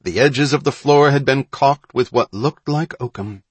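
A man narrating a story in a measured, suspenseful reading. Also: medium pitch, breathy edge, no room sound. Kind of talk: audiobook narration.

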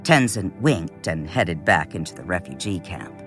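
A man reading a novel aloud in measured scripted narration, lifting his voice for quoted characters. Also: low-pitched, sing-song, fairly bright tone, faint music behind. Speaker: audiobook narrator.

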